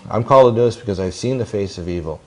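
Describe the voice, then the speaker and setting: Rapid-fire and fairly low-pitched, the man, in his sixties, is a guest in an interview. He rambles intensely through lengthy stories, frequently restarting and acting out quoted dialogue.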